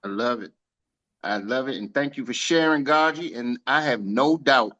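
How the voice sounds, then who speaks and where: A man hosting a motivational sales team call on a video meeting, energetic and folksy, full of homespun comparisons. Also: medium pitch, moderate pace, muffled recording.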